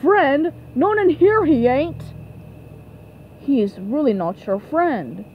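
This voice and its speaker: A woman voicing a gruff, stingy male crab restaurant owner in a cartoon fan dub. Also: high voice, sing-song, slow, highs cut off, slight background noise, full character voice. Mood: blustery. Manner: blustery, folksy.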